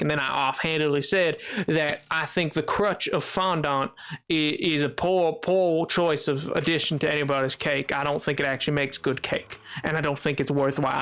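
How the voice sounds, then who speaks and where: A man's voice: on the high side, a bit bright, clean tone. A man chatting casually on a live gaming stream, rambling with frequent restarts and reading his chat aloud.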